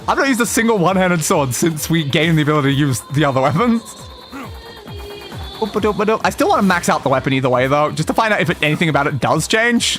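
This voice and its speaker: A man streams a video game with casual gameplay commentary, chatting as he plays and chanting playful sing-song nonsense. His voice sits on the high side with a fairly bright tone.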